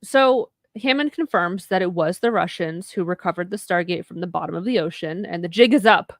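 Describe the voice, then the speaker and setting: A woman with a lowish voice recaps a TV episode in casual podcast chat. She narrates the plot offhandedly and drops the odd swear. The sound is dry and close. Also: fairly quick, no room sound.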